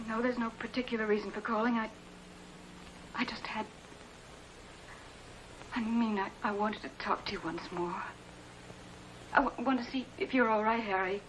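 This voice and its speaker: A woman's voice: fairly high pitch, steady tone, fairly bright tone, a little hiss or hum, natural voice. An actress playing a desperate tearful woman on the phone. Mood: subdued. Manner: halting, stammering, pleading. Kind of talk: 1950s TV drama acting. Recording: muffled old TV soundtrack with music.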